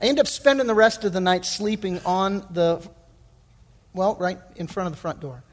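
A middle-aged man preaching a sermon as pastor, telling stories in a folksy, animated way with many restarts. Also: high voice, moderate pace, big-room sound. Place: church sanctuary.

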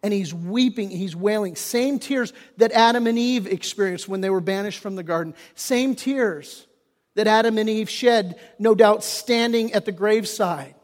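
Speaking in a high voice at normal speed, a man preaches as pastor in a church hall with long reverb. He's fervent and folksy, using casual wording, letting his voice rise and fall, and restarting phrases often.

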